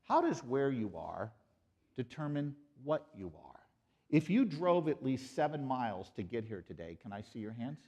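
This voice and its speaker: A man giving an animated lecture at a conference, joking with and quizzing a live audience. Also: medium pitch, normal speed, muffled recording. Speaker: conference speaker. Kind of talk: pro-life apologetics lecture.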